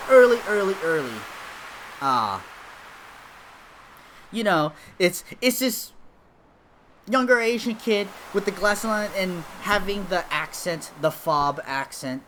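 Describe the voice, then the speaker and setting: A man's voice: high-pitched, background noise. A man in his thirties chatting casually while playing a farming game, rambling and joking with many fillers. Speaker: gaming video host.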